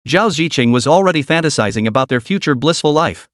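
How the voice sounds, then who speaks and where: A man narrating a scripted comic story recap in an even storytelling manner. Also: fairly high pitch, quick pace, few pauses, no echo, studio quality.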